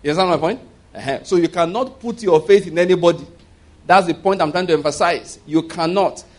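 A man's voice: fairly high pitch, brisk. A man preaching a sermon in a conversational way, asking the congregation rhetorical questions and leading call-and-response.

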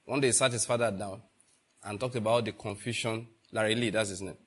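A man's voice: on the low side, fairly even intonation, fairly quick, fairly bright tone, breathy edge. A man preaching a sermon, asking the congregation rhetorical questions and repeating phrases for emphasis.

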